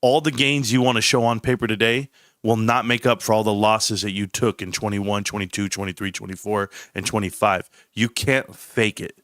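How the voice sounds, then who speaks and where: A man's voice: fairly low pitch, steady tone, normal speed, fairly bright tone, no room sound, clean studio sound. Blunt rambling man livestreaming. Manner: blunt, rambling, self-interrupting. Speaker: stock livestream host. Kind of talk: casual livestream commentary.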